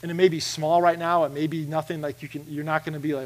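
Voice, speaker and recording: A man's voice: on the high side, flat delivery, quick pace. A man preaching a sermon in a church, earnest and conversational, often restarting his sentences as he roams the stage. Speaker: pastor. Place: church sanctuary.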